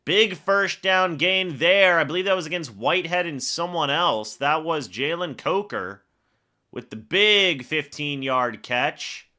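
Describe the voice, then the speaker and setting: Guy doing live football reactions, calls plays like an announcer then chats, bright voice that jumps around a lot. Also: on the high side. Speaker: fan live-reaction host. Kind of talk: live play-by-play reaction commentary.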